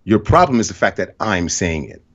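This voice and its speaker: A man's voice: low voice, big pitch swings, a little fast, a bit bright, lo-fi sound. A man hosting a podcast, talking bluntly and profanely in casual conversation. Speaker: podcast host.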